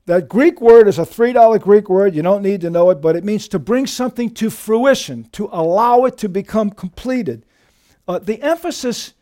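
A man preaching a sermon as pastor, emphatic and lively, often calling his listeners dear friends. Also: normal speed. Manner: emphatic preaching with lively shifts in pitch and volume.

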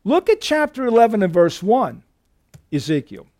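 A man preaching a sermon in a high, fairly light voice. He drives his points home with emphatic swells that climb sharply in pitch. The recording is dry and close, with little room sound. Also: big pitch swings, normal speed, a little mellow, dry recording. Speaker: pastor.

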